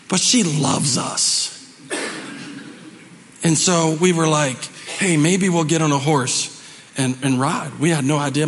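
A man preaching a sermon as pastor, telling stories dramatically and swinging between shouting and hushed, quiet lines. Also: medium pitch, big-room sound, slight background noise. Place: church sanctuary.

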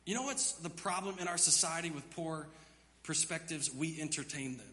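Bright, high-voiced preacher in a reverberant hall. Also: male voice, normal speed. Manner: preaching, swings from hushed to loud and emphatic. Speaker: pastor. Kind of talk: sermon. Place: church sanctuary.

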